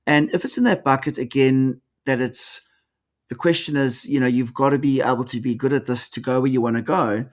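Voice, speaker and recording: A man's voice: medium pitch, a little fast. A middle-aged man from South Africa, an executive coach talking in an interview, telling stories animatedly and acting out the dialogue. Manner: animated storyteller, acts out quoted dialogue. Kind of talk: conversational interview storytelling.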